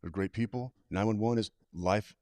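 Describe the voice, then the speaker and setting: A man's voice: fairly low pitch, moderate pace, a little mellow, dry recording. A middle-aged man giving direct, practical guidance as a guest trainer on a live webcast. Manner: direct, plain-spoken, practical. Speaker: suicide prevention trainer, guest.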